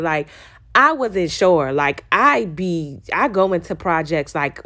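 Lady baker doing a chatty voice-over for her tutorial, kinda low voice, gets excited talking to y'all. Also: slow. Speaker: baking tutorial host. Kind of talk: casual voice-over narration of a tutorial.

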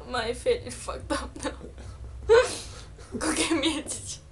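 High giggling woman, breathless from laughing. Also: slow, slight background noise. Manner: laughing uncontrollably, giggly pleading. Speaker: vlogger. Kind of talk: casual chat.

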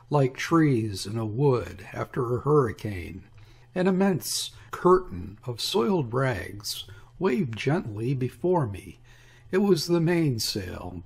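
A man reading a classic sea story aloud as a first-person narrator, measured and expressive. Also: mid-range voice, husky. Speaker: audiobook reader.

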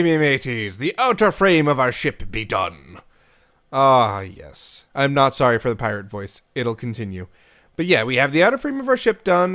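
A man narrates his gameplay in a bright, chatty commentary style. His voice sits a little above typical for a man and swoops up and down with plenty of animation. He keeps things upbeat and pokes fun at himself with quick laughs. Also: fairly high pitch. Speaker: Minecraft let's-play creator. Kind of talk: game commentary voice-over.

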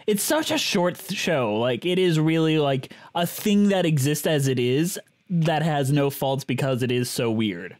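A man's voice: fairly high pitch, a little mellow. A man co-hosting a casual podcast about musicals, asking probing questions and talking enthusiastically. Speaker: podcast co-host.

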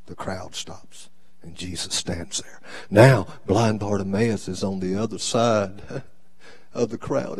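Slow, dramatic male preacher. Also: low voice, fairly even intonation, slightly rough. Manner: preacher's cadence, swinging from shouts to hushed tones. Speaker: bishop preaching. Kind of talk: live sermon.

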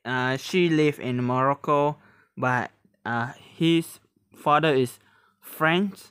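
A man hosting a reaction video, talking casually in halting English, often laughing and exclaiming. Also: medium pitch, a bit bright, clean tone, no echo, studio quality.

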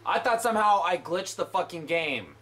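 A man's voice: sits high, lively intonation, normal speed, sharp tone. A young man giving let's play commentary, swearing in exasperated outbursts. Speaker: gamer.

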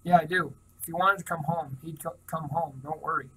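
A man reading the lines of a calm, easygoing teenage boy in a story, in his own plain voice. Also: fairly high pitch, a little fast, breathy edge, poor audio. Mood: easy.

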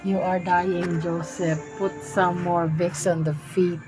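Slow, low Visayan-accented woman. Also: level tone, over music. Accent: Visayan Filipino. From Visayas, Philippines. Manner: chatty, giggly, talks to viewers. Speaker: game streamer. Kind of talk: casual live-stream chat while playing.

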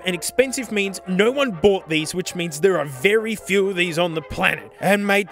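Excitable high-voiced guy. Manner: excitable, swings from low mutters to shouts. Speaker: drum channel host. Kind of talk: casual vlog talk.

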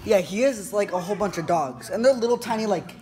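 A man's voice: high-pitched, animated, fast, darkish tone, soft background music. A teenage boy vlogging, retelling an incident in a rambling way full of fillers. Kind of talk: casual storytelling to camera.

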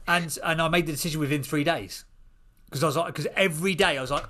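A man in his thirties, a podcast guest, telling an animated story and acting out the voices of people in it. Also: a little high, fast talker, slight background noise.

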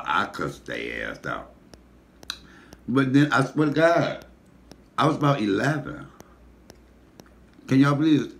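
A man with a deep voice, hosting a casual mukbang and telling animated, profane stories while he eats. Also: creaky. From Detroit, USA. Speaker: comedian and mukbang host. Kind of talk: casual storytelling while eating.

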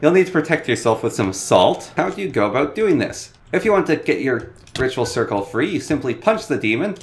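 A man's voice: very animated, a little fast, slight background noise. A man hosting a casual, joking game tutorial in a playful manner. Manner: playful and joking, bouncing pitch.

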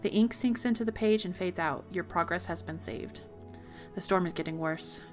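A woman's voice: lowish voice, moderate pace, faint music behind. A young woman giving let's play commentary, reading game text aloud and reacting with worried exclamations. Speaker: gaming video host.

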